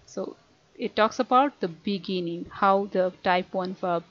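A young woman, teaching a grammar lesson online with careful explanations and frequent pauses to say uh. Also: medium pitch. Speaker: language teacher. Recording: dry, dull lo-fi recording.

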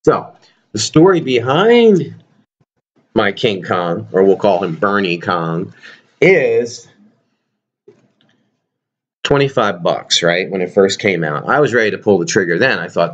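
A man's voice: lowish voice, expressive, measured pace, pauses often, highs cut off. A man vlogging casually to his viewers about his toy collection, rambling and joking. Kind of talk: casual chat to camera.

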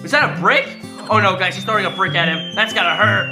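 A young man hosting a reaction video, excitable and exclaiming often, constantly addressing his viewers. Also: high-pitched, fast talker. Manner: excitable, exclaims often, keeps saying "guys". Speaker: reaction channel host. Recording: background music under voice.

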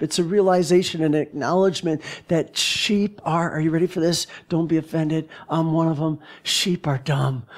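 A male pastor giving a sermon in a church, halting and repeating words as he searches for his phrasing. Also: on the high side, gravelly. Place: church sanctuary.

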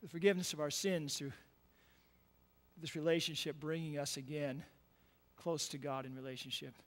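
A male pastor preaching a conversational sermon, repeating words and checking in with "right?", moving between quiet and loud emphatic passages. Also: fairly high pitch, steady tone, moderate pace, in a large hall. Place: church sanctuary.

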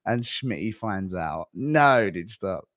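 A man streaming live and reading chat messages aloud, crude and deadpan with mumbled asides. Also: on the low side, slow pace, no echo, studio quality.

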